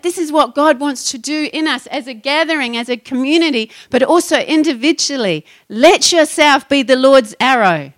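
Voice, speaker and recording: A middle-aged woman pastor preaching a passionate, rising sermon to her congregation. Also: high-pitched. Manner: passionate, building to excited exhortation.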